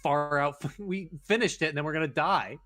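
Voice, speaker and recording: A man's voice: on the high side, moderate pace, a bit bright. A man casually commenting on a horror game with a friend, reading its text aloud, swearing and laughing often. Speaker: let's play host.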